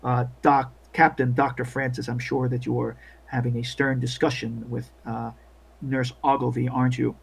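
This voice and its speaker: A game master narrating a tabletop game, halting often with fillers. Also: medium pitch, flat delivery, gravelly, husky, low-quality recording. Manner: hesitant, many fillers.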